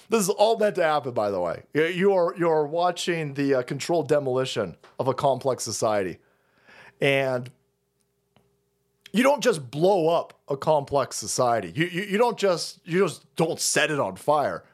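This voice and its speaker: Male streamer, foul-mouthed sarcastic rant, lively pitch that jumps all over. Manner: profane, sarcastic, mocking. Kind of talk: livestream rant.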